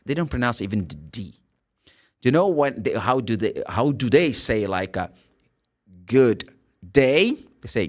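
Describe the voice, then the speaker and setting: A man with a Brazilian accent gives an English pronunciation lesson in a lively, swooping voice. He spells out letters and repeats their sounds one by one. His voice sits at an ordinary pitch for a man. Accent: Brazilian Portuguese. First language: Brazilian Portuguese. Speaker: English teacher.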